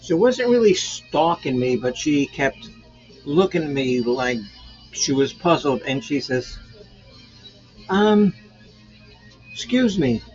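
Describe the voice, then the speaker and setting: A man in his sixties hosts his own casual livestream, speaking a little slowly in a husky, expressive, medium-pitched voice. He rambles, cracks jokes, and fills his talk with fillers, over lo-fi sound with faint background music.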